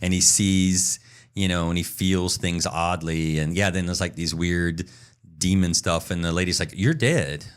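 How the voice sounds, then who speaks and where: A man's voice: sits low, flat delivery, normal speed, clear, resonant tone. A man co-hosting a podcast in casual chat, rambling through a story and acting out the sounds. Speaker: podcast co-host.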